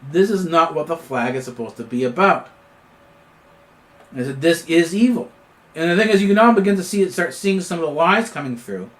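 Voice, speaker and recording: Rambling, hesitant man with a higher voice. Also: expressive, a little fast. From Canada. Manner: rambling, hesitant, with many fillers and restarts. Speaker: host of an independent news commentary channel. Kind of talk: unscripted political commentary monologue.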